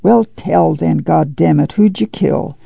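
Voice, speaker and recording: A man voicing a gruff, plain-spoken farm father with curt rural dialect. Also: fairly high pitch, unhurried, dark tone, no echo, exaggerated voice. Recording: dull dry lo-fi studio read.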